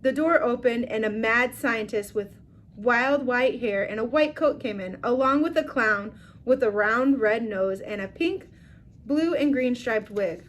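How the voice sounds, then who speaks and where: A woman reading a children's book aloud with expressive storytelling. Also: a little high, measured pace. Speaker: reader.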